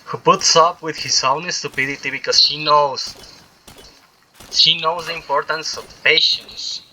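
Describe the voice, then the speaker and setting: A man's voice: fairly high pitch, steady tone, unhurried, pushed and bright, slight background noise, poor audio. A man giving rambling, opinionated commentary while he plays a video game, often restarting his sentences. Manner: opinionated, meandering monologue with restarts. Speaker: gaming streamer.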